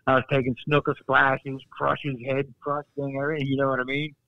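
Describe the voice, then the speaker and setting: A man, a former wrestler, telling stories on a podcast in a casual, animated way, acting out quotes. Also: brisk, gravelly, no echo, highs cut off. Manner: animated, acts out quotes with raised pitch. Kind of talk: casual storytelling.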